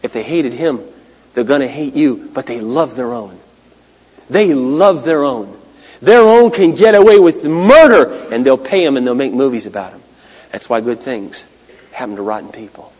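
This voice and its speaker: A man preaching a sermon, swinging between loud cries and hushed, quiet lines. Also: on the high side. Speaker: pastor. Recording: long hall reverb.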